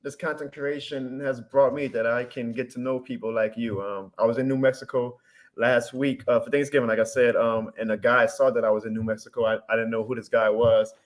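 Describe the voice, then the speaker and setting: A man in his thirties from New Orleans, with a thick local accent, tells stories as a guest content creator on a casual podcast. His mid-range voice is brisk, and he's an animated, upbeat and earnest storyteller.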